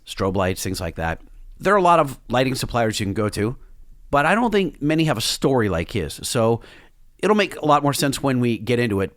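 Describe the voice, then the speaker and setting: A man's voice: medium pitch, dry recording. A man hosting a podcast in a conference room, bantering playfully with a dry, sarcastic streak. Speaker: podcast host. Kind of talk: casual podcast chat.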